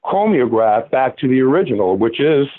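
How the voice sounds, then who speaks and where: A man's voice: medium pitch, very animated, normal speed, dry recording. A man in his sixties from Florida, a guest telling a rambling story with many fillers and restarts. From Florida, USA. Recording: tinny phone-like line.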